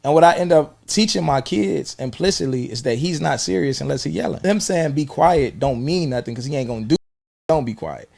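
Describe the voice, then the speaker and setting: A man's voice: a little high, fast talker, gravelly, few pauses. A man who used to teach, chatting casually and acting out stories on a podcast. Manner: relaxed, storytelling, acts out yelling. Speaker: former teacher.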